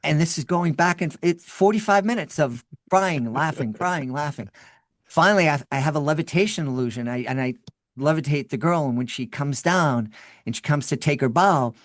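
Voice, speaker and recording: Animated storytelling man, dry close sound. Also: a little high, normal speed, no echo. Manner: animated, restarts and repeats words. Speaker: podcast guest, children's podcast creator. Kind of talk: storytelling in an interview.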